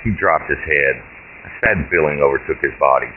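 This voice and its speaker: Very deep-voiced man reading his story. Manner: plain, measured narration. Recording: tinny phone-like line with hiss.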